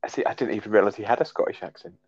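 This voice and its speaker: Lower-voiced man, dry casual chat. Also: very fast, a little mellow, breathy edge. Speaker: podcast guest. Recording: dull lo-fi sound.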